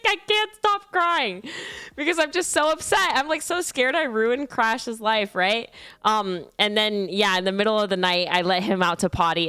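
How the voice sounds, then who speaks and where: A young woman chats through a long casual story, wandering and poking fun at herself with loose fillers and offhand swearing. Her voice is bright and crisp, and it stays smooth and clear. It comes across as a relaxed, personal storytime. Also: medium pitch, no room sound, studio quality. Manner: rambling, self-deprecating, swears casually. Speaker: streamer.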